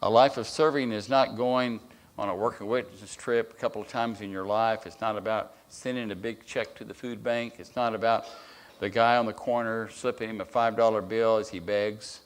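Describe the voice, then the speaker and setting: A man with a somewhat low voice preaches a sermon as a guest speaker. He tells his story plainly, stumbling into restarts and filling pauses with "uh.". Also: fairly even intonation. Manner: storytelling, with repeated restarts and uh fillers.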